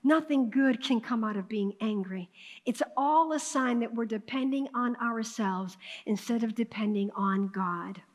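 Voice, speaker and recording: A woman pastor preaching a sermon, calling out to the congregation, swinging from hushed asides to loud emphatic bursts. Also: on the high side, measured pace. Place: church sanctuary. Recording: long hall reverb of a church sanctuary.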